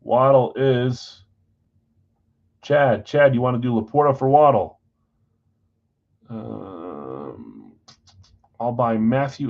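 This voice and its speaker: A man's voice: medium pitch, gravelly, a little mellow, muffled recording. A man hosting a live stream, casually reading off trades and talking to buyers in a scattered, self-deprecating way. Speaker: card break host.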